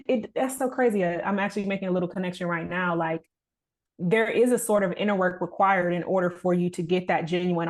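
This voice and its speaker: A young adult woman speaking as a podcast guest in casual conversation, earnest and reflective with a motivational push. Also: on the low side.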